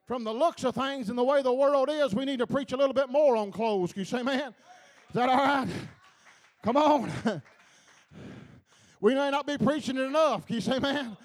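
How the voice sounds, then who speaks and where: A male preacher delivering a fervent sermon, halting with filler sounds, laughing and calling out to the congregation. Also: very high voice. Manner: fervent, repeats calls to the congregation, laughs between lines.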